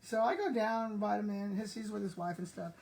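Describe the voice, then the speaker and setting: Husky older woman chatting to viewers. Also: mid-range voice, a little fast, a little mellow, poor audio. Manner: chatty, laughing, addresses viewers directly. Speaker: online seller and vlogger. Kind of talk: casual storytelling to viewers.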